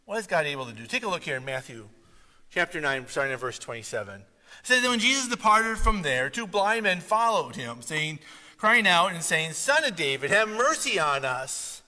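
A man's voice: fairly high pitch, sing-song, moderate pace, bright, forceful tone, big-room sound. A man preaching a sermon in a chatty, conversational way, often checking in with his listeners. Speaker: pastor.

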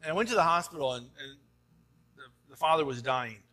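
A male pastor with a bright, forceful tone and a fairly high-pitched voice. He preaches in an easy, chatty way, checking in with "right?", then presses his points hard. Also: expressive, a little fast. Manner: conversational preaching with rhetorical "right?" asides; rising to emphatic exhortation. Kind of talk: sermon.

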